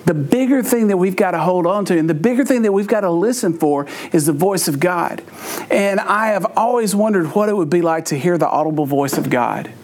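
Man, middle-aged, high voice, humorous sermon, folksy storyteller. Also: animated, a little fast, darkish tone. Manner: folksy storytelling, playful asides. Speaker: preacher.

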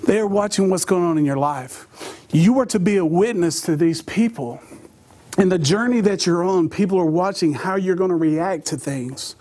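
A man's voice: sits high, normal speed, a little mellow. A man preaching a sermon, telling a funny personal story and laughing at his own jokes.

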